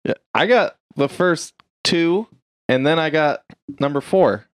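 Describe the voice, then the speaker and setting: A man playing along as a contestant on a casual podcast quiz, giving drawn-out deadpan answers. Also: a little high, clean tone, dry recording, clean studio sound.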